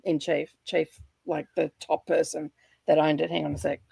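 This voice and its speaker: A chatty middle-aged woman with an Australian accent, talking in a rambling, easygoing way and laughing often. Her voice sits a little low, and the sound is dry and close. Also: level tone, moderate pace, vocal fry, mellow, husky, no echo. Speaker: livestream guest. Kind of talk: casual chat.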